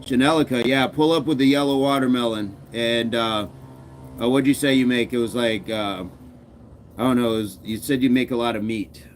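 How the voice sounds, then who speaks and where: A cheerful man hosts a casual live stream, reading viewers' comments aloud and laughing easily. His voice sits at an ordinary middle pitch for a man. A faint hum of passing traffic runs behind him. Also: steady tone, normal speed. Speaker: fitness streamer.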